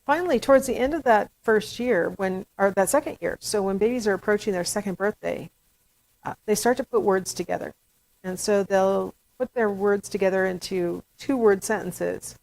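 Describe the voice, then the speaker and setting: A woman's voice: medium pitch, moderate pace, gravelly, darkish tone, poor audio. A woman giving a conversational recorded lecture as an instructor, with frequent fillers and self-corrections.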